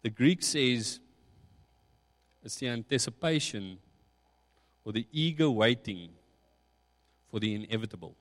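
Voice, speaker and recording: A man preaching a sermon, slow and reflective, building emphasis on key points. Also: mid-range voice, lively intonation. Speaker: pastor. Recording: long hall reverb.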